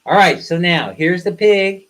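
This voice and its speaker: A man with a slightly high voice hosts a casual live stream. He talks straight at his viewers in a blunt, ranting way, then turns playful and teasing. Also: lively intonation, unhurried, a bit bright, poor audio. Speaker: live streamer, co-host of a couple's channel.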